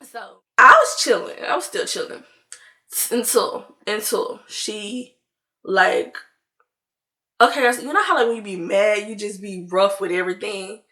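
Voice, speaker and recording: A young woman vlogger telling a story in a casual, animated way, full of "like" and acted-out quotes. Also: mid-range voice, measured pace. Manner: animated, chatty, heavy use of "like", acts out quotes.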